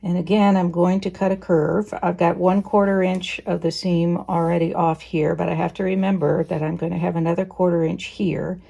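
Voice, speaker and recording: A woman teaching quilting in a relaxed, chatty way, thinking aloud as she sews. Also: on the low side, moderate pace, creaky, hardly any pauses. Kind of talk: casual sewing tutorial.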